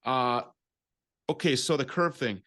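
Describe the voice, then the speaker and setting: A man's voice: mid-range voice, a little slow, pushed and bright, dry recording, studio quality. A man hosting an interview, asking curious, probing questions and thinking aloud as he goes. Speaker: host.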